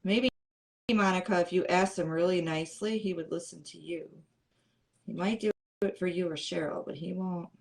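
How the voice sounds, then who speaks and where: A middle-aged woman hosts a craft livestream in a casual, chatty way. Her voice sits a little low, and she banters playfully as she answers comments from the viewers. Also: fairly even intonation, moderate pace, vocal fry. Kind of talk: casual chat with live viewers.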